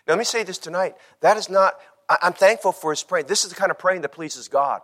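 A man preaching a sermon as pastor, swinging from hushed lines to loud cries and acting out the people in his story. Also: high-pitched, fast talker. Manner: preaching with dramatic shifts between hushed and shouting; acts out quotes in character voices.

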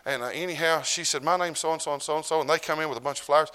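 A middle-aged man, preaching a sermon as pastor. He swings from loud declarations to low, hushed lines. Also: rapid-fire, smooth.

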